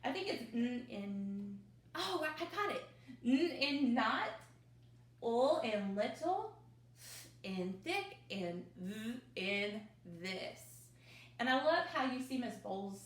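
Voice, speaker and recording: A woman teacher at home, seated at her mother's desk, leads young children through a phonics review with slow, drawn-out drills and cheerful asides. Her mid-range voice is very animated and a bit bright, and the room sounds echoey.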